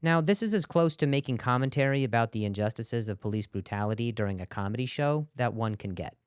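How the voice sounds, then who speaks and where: A man's voice: mid-range voice, expressive, quick pace, clean tone, dry recording, studio quality. A young man with a stutter doing a stand-up set, sarcastic and self-deprecating while working the crowd. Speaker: stand-up comedian. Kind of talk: stand-up set with narrated commentary.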